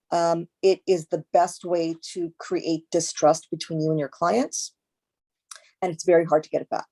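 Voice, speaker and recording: A woman with a lowish, mellow voice speaks as a guest in a conversational interview. She talks emphatically, repeating her key points and acting out little exchanges with clients. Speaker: guest esthetician.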